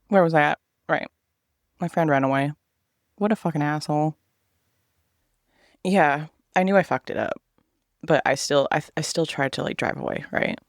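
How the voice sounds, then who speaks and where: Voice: medium pitch, gravelly, dry recording, studio quality. A man in his thirties telling a personal story in a casual vlog chat, swearing freely and acting out what other people said.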